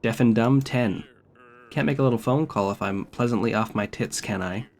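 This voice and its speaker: A man's voice: medium pitch, normal speed, close to an everyday voice. A man voicing a crude, threatening male drug-dealing villain from a game. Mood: menacing.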